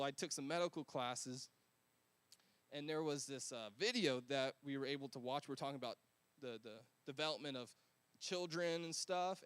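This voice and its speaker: A man's voice: mid-range voice, a bit bright, smooth, no room sound. A man preaching a sermon in a casual, conversational, slangy manner. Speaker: pastor.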